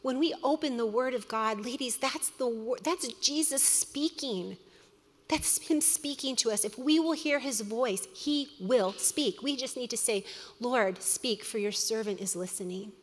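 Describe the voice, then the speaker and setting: Middle-aged woman teaching in a reverberant hall. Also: fairly high pitch. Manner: earnest, warm storytelling with quick asides. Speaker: women's Bible study teacher. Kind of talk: sermon.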